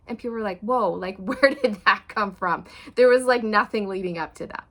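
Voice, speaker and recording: A woman doing a channeled tarot reading for viewers, chatty and expressive. She acts out quoted feelings with big swings, then drops soft and low for emotional parts. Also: normal speed, few pauses. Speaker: tarot reader.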